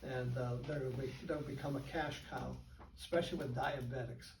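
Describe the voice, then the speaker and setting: An older man giving an informal talk to colleagues, animated and chuckling as he tells stories. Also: mid-range voice, brisk, background noise. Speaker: guest speaker. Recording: echoey room, from far off.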